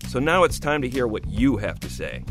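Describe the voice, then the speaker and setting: A man co-hosting a radio music review show, explaining his views in a measured, earnest way. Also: medium pitch, huge pitch swings. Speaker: music critic co-host. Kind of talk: studio review chat. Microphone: studio microphone.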